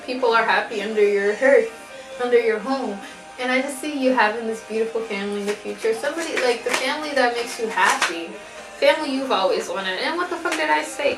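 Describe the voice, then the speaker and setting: Higher-voiced woman, casual swearing tarot reader, echoey home room. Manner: profane, laughing, chatty. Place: home with family noise in background.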